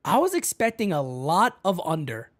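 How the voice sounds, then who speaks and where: This fan-channel host is a woman with a fairly low pitch, speaking at normal speed. She chats excitedly about sports on a casual live stream from home, repeatedly calling her audience "man" and "folks."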